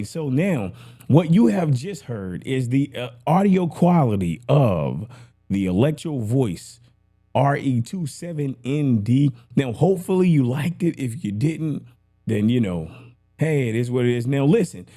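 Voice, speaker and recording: This man's mellow, mid-range voice has a sing-song lilt and a measured pace. He hosts a casual podcast gear review demo through a broadcast dynamic mic and headphones, rambling chattily and repeatedly asking whether you follow him.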